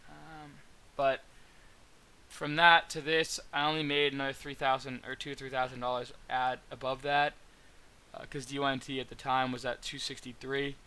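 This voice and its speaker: A man's voice: medium pitch, level tone, normal speed, sharp tone, smooth. A young man talking casually as a trading mentor, rambling through his trades with many fillers and restarts. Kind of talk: casual trade recap to viewers.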